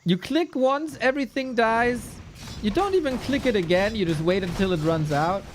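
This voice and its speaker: Animated, joking esports caster. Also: medium pitch, moderate pace, a little hiss or hum. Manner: excitable, joking, thinks aloud. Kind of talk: live game commentary.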